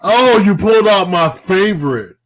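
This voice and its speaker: A man hosting a podcast in casual chat, loud and laughing, swearing freely. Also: sits high, lively intonation, normal speed. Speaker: podcast host.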